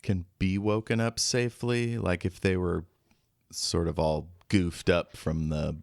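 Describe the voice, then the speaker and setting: A man's voice: deep voice, fairly even intonation, a little slow, vocal fry, darkish tone, no echo, studio quality. A man hosting a podcast, recapping in a wry, joking casual chat. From United States. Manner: wry, recaps plot with jokes. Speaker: podcast host.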